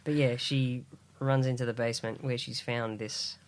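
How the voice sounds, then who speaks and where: A woman with an extremely low voice co-hosts a film podcast. She talks in a relaxed, easygoing way and recaps the plot with plenty of fillers. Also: normal speed. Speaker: podcast co-host. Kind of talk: casual chat reviewing films.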